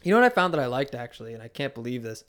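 A young man co-hosting a podcast, reading a spooky choose-your-own-adventure story aloud with slow dramatic pauses, then chatting casually. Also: mid-range voice, big pitch swings, fairly bright tone.

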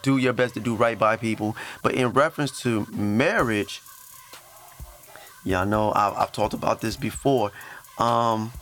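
A podcast host with a medium-pitched, slightly bright voice speaks earnestly on his faith podcast and reads scripture aloud. He uses fillers and restarts, and his emotion sometimes brings him close to tears.

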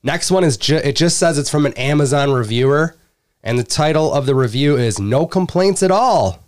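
A man's voice: fairly high pitch, animated, moderate pace. A male host reading product reviews aloud in casual chat, breaking into laughter and crude jokes. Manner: laughs often while reading, crude humor. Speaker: podcast host.

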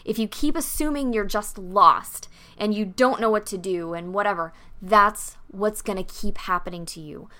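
A woman's voice: medium pitch, moderate pace, pushed and bright. A woman vlogger telling a story and giving emphatic, motivational advice to dancers.

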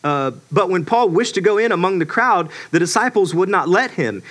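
A man with a high, bright and forceful voice leads a casual Bible lesson. He talks in a loose, conversational way, full of restarts, and slips into animated character voices. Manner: conversational, many restarts and fillers. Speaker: Bible teacher.

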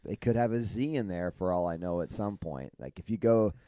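A man's voice: low voice, animated, fairly quick, dark tone, smooth, no echo. A man co-hosting a podcast in casual chat, often stopping and restarting his sentences. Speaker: podcast co-host.

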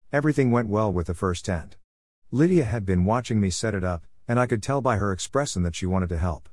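A man narrating a storybook in a steady, plain reading voice. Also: on the low side, a little fast, no room sound, clean studio sound.

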